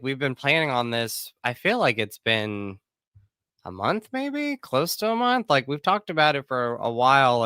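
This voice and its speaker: A man in his thirties, slightly hoarse, hosting a casual podcast and chatting in an animated way. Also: dry recording, clean studio sound. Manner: animated, chatty, warm greetings with pitch jumps. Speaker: podcast co-host.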